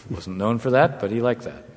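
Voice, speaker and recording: A man, a former negotiator, telling a wry anecdote to an audience in a measured way. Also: on the low side, slight background noise. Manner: measured, wry storytelling with brief chuckles. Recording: long hall reverb.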